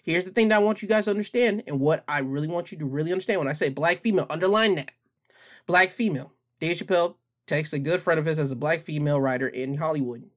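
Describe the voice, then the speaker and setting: A man's voice: fairly high pitch, quick pace. A young man giving an opinion monologue as a vlogger, emphatic and repeating words for stress.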